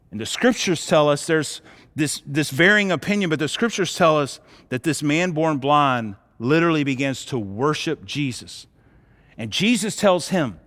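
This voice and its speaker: A man's voice: high-pitched, a bit bright. A man preaching a sermon, retelling a Bible story in a casual, storytelling way and acting out its dialogue. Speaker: pastor. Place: church auditorium. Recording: hall reverb.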